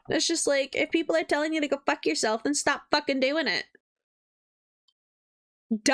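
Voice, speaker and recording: Young female streamer, high voice, blunt and foul-mouthed, does mocking voices. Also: moderate pace, a bit bright. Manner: blunt, profane, mimics people in sing-song voices. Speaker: streamer and artist. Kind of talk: casual livestream chat.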